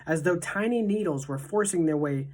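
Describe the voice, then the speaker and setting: Teacher narrator, female, deep-pitched, steady expressive storybook reading. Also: normal speed.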